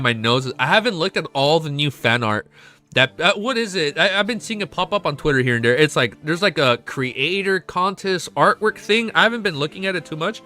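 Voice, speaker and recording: Young guy streaming, bright punchy voice, swears a lot, pitch bouncing everywhere, a little music in the back. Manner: excitable, swears often, emotional swings. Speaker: livestreamer. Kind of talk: casual live stream chat. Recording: faint music behind.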